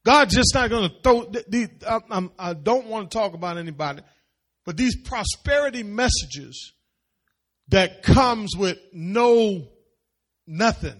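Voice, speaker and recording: Animated high-voiced male preacher. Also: measured pace. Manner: animated preaching with repeated phrases, rising to shouts. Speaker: pastor. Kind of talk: sermon. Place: church service.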